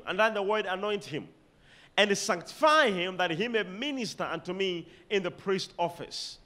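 A Malawian man delivers a sermon with a bright, forceful voice that sits high. His delivery swings widely in pitch and loudness. He reads scripture slowly and has the congregation repeat and underline key words. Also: lively intonation. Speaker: preacher.

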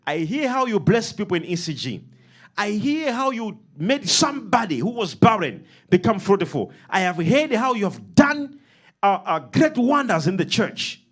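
A man preaching a sermon, leading the congregation in call-and-response and swinging between loud, emphatic lines and soft ones. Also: sits high, sing-song, normal speed.

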